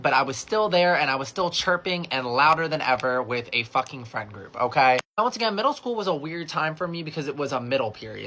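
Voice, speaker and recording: Bright-voiced young man rambling jokily. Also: a little high, slight background noise. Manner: joking, rambling, tag questions. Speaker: storyteller. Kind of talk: casual storytime.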